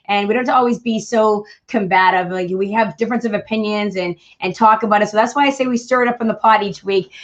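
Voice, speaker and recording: Fast-talking Boston woman host. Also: mid-range voice, a bit bright, muffled recording. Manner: chatty, many fillers, friendly. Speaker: podcast host. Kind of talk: casual chat and solo talk.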